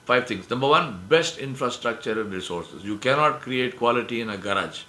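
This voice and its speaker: Male lecturer, bright and forceful, emphatic with rhetorical questions, roomy hall sound. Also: mid-range voice, lively intonation, moderate pace. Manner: emphatic, repeats key phrases, asks rhetorical questions. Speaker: speaker giving a presentation. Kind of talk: religious lecture to an audience.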